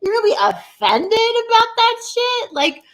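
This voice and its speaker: A young woman co-hosting a podcast, telling stories in casual, animated chat full of swearing. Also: very high-pitched, moderate pace. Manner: animated, profane, storytelling. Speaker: podcast co-host.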